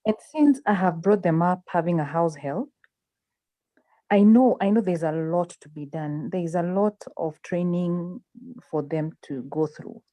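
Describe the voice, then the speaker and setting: A woman, a parent, speaking in a measured, plain-spoken way in a conversational panel discussion. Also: lowish voice, dark tone, no echo. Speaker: parent guest.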